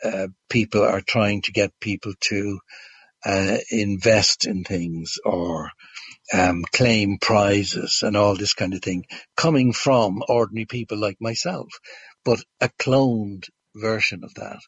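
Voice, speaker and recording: A man's voice: lowish voice, fairly even intonation, takes it slowly, slightly rough. A man telling a long story as a guest, hesitant with many fillers and restarts, on a dull lo-fi recording. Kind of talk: casual storytelling.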